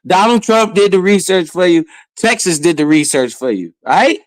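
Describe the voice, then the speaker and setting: Animated, heckling man with dry sound. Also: sits high, moderate pace, no room sound. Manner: animated, heckling, swears and laughs often. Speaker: finance streamer. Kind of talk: casual commentary over a played clip.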